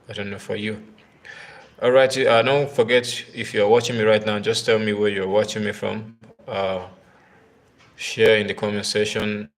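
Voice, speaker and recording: A man hosting a live tennis talk stream, speaking casually and haltingly with many fillers, addressing his viewers directly. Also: on the low side. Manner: talks straight to viewers, asks for comments.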